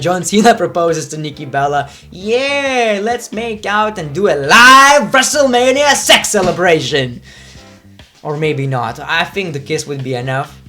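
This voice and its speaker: A man giving casual, rambling wrestling predictions, swearing freely and cutting himself off mid-sentence. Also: on the high side. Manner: profane, rambling, self-interrupting.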